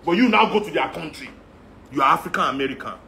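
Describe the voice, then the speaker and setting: A man with a Nigerian accent delivers an impassioned, heated rant in a talk, firing off and repeating rhetorical questions. His voice is fairly high, fast, creaky and sharp, with lively intonation and a little hiss or hum in the audio.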